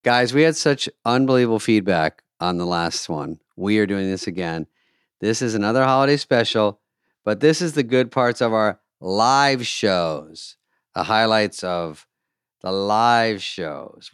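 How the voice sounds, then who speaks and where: A comedian hosting a podcast, introducing live-show clips in a loose, joking way that trails off into mumbles. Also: male voice, on the low side, clear, resonant tone, no room sound, studio quality. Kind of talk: casual comedic chat.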